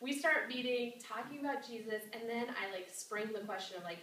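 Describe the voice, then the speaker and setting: Young woman, bright voice, chatty storyteller at a gathering, recorded far off in an echoey hall. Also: on the high side, fairly quick, few pauses. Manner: chatty, lots of "like" and acted-out quotes. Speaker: campus ministry speaker. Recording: echoey hall, distant mic, faint hiss.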